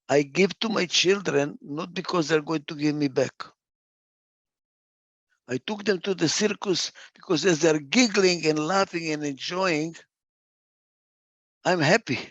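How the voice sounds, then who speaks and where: A man gives a reflective talk, repeating phrases for emphasis and sometimes losing a word and starting over. His voice is on the high side and fairly bright, with no room sound.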